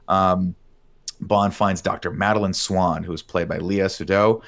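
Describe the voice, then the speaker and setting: A man's voice: low-pitched, steady tone, unhurried, fairly bright tone. A man hosting a casual podcast who recaps a film in a rambling, profane way and acts out the characters' lines. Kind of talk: casual chat.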